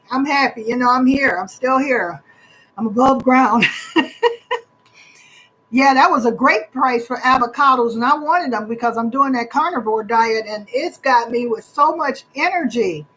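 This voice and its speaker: A cheerful, chatty woman in middle age hosts a relaxed live chat with her viewers. She speaks with a high voice and an upbeat, talkative manner. She comes from Michigan. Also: rough recording. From Michigan, USA. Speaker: livestream host.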